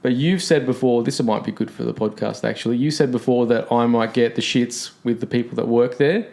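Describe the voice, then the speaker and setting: A man's voice: mid-range voice, steady tone, a little fast, creaky, darkish tone. An Australian man chatting casually as a podcast guest, laid-back and joking, with the odd swear word.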